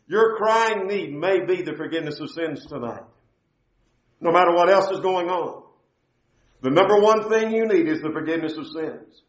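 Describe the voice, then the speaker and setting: A man preaching a sermon, emphatic, repeating key phrases and quoting scripture. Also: sits high. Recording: echoey, dull church recording.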